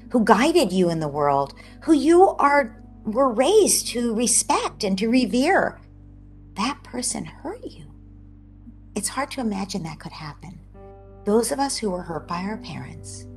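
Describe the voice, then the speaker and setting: A woman psychologist giving animated, explanatory interview answers over a video call, at times dropping into a soft near-whisper. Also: mid-range voice. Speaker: psychologist guest.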